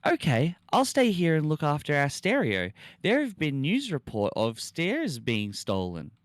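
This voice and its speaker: A woman's voice: deep voice, huge pitch swings, moderate pace, no room sound, studio quality, pitched above the performer's own voice. A man voicing a worried young woman who waits alone in a car in a silly spooky story. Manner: anxious, earnest.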